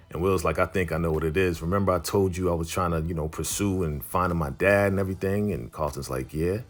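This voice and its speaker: A man's voice: sits low, fast, few pauses. A man casually recapping a TV episode, retelling scenes in a loose, chatty way full of "you know" and "like". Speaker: recap show host.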